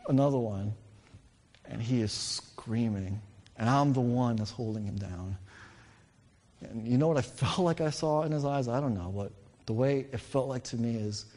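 Male pastor, 30s, earnest emphatic storyteller, mid-pitched voice, church reverb. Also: normal speed, warm tone. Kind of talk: sermon. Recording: reverberant hall.

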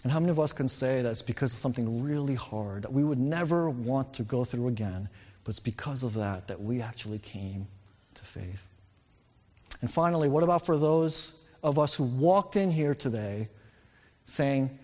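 A man's voice: medium pitch, expressive, moderate pace, darkish tone. A man in his thirties giving a sermon as a pastor, telling a story earnestly and with emphasis. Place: church. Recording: reverberant hall.

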